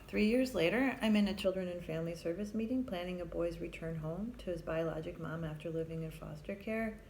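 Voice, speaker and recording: A middle-aged woman telling a true story from her work as a family therapist. Her voice sits low and carries a gravelly fry. She speaks candidly and reflectively, in an easy conversational way, with a faint hiss in the background. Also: fairly quick, a little mellow. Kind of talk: personal storytelling to an audience.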